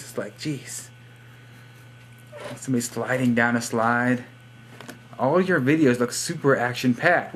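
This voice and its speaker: Here a young guy with a mid-range voice rambles through a casual vlog at his computer in a room at home, handing out shoutouts to viewers. He jokes around in a silly way and now and then puts on accents, with a little hiss or hum audible.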